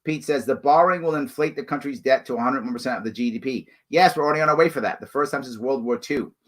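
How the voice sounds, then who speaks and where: A man hosts a live show solo, taking viewer questions call-in style at a quick pace in a medium-pitched voice. He's emphatic and animated, answering in repetitive bursts that hammer his points home.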